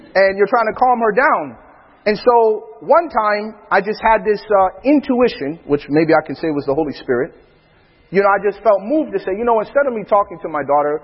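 A man with a high, husky voice tells stories about his family in an animated way, laughing often. He speaks as a preacher in a casual chat. The sound is dull, and a long reverb trails behind it. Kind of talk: storytelling in casual talk.

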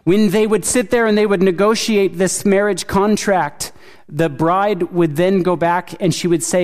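A man's voice: high voice, steady tone, unhurried, darkish tone. Guy preaching a sermon, earnest, keeps asking the crowd questions, long echo of a big hall behind his voice. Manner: earnest, asks the listeners many questions. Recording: reverberant hall.

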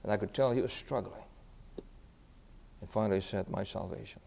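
A man's voice: fairly low pitch, fairly quick, vocal fry, a little mellow. A man preaching as a pastor, telling a story earnestly and asking the congregation questions. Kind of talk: sermon storytelling. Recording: echoey hall.

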